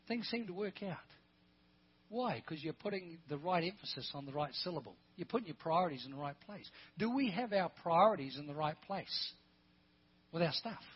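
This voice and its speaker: A man preaching a sermon as a guest preacher, putting questions to the congregation and rising to loud, emphatic peaks. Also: fairly high pitch, breathy edge, lo-fi sound.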